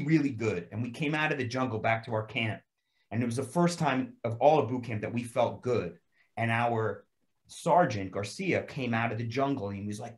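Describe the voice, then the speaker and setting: Profane, lively male storyteller. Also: medium pitch, normal speed. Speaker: actor guest. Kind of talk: animated anecdote telling. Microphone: video call.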